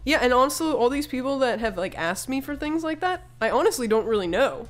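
Frank woman chatting over soft music. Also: high-pitched, expressive, brisk. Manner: frank, talks through her opinions. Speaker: podcast co-host. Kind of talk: casual chat.

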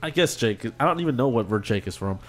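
A man's voice: mid-range voice, expressive, fast talker. A man co-hosting a casual podcast chat, laughing often and restarting his sentences. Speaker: podcast co-host.

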